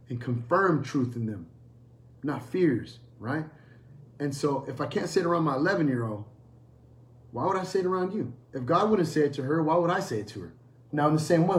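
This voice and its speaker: Emphatic man preaching in an echoey room. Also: on the high side. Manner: emphatic, repetitive, shifts from loud preaching to quiet storytelling. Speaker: pastor. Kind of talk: sermon.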